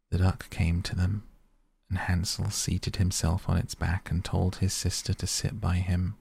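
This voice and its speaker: A man reading a fairy tale aloud in a steady, measured way. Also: low-pitched, vocal fry, slightly rough, no room sound. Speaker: narrator.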